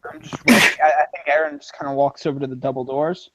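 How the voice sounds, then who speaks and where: A man's voice: fairly high pitch, steady tone, fast talker, a bit bright, a little hiss or hum. A man playing his character in a tabletop game, playful and often laughing. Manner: playful, laughing between lines. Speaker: player. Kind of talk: casual tabletop role-play. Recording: dull lo-fi recording.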